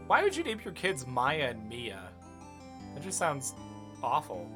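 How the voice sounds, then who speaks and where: A chatty streamer trading jokes with viewers and reacting out loud while playing. The voice sits at an ordinary middle pitch, with game music clearly running underneath. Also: huge pitch swings, measured pace. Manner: chatty, reacting aloud, joking asides. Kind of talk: casual let's-play commentary.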